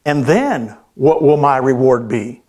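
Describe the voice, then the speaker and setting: A man doing a calm, smiling fisherman. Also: mid-range voice, a little slow, pitched below the performer's own voice. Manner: calm, gently questioning.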